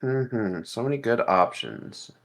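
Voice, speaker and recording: Male player, animated pitch, hesitant and playful. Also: takes it slowly, creaky, faint music behind. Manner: hesitant, many fillers, playful. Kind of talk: casual tabletop game play.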